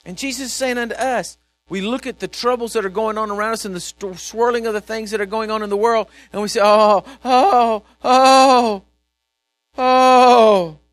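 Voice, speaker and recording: High-voiced, animated man preaching. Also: fast, no echo. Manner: animated, repetitive, swings from shouting to quiet asides. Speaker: pastor. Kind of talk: sermon.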